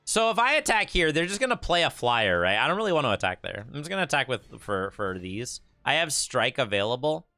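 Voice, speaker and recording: A man's voice: medium pitch, very animated, a little fast, few pauses, bright, forceful tone, no echo, soft background music. A young man with a Michigan accent, chatting casually to his stream while playing a card game, often stammering and repeating words. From Michigan, USA. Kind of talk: casual gameplay streaming chat.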